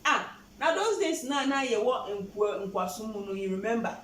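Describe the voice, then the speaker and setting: A woman's voice: on the high side, expressive, moderate pace, fairly bright tone, echoey room, far from the mic, slight background noise, poor audio. A Ghanaian woman hosting a show, passionately explaining the law and switching between English and Twi. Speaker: host.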